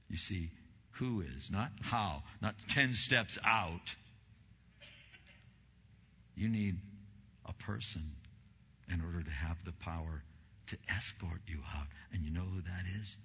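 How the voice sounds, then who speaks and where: Gravelly-voiced male pastor preaching. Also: low voice, slow pace, pauses often. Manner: impassioned, swings from quiet to loud. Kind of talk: sermon. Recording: dull recording in a reverberant hall.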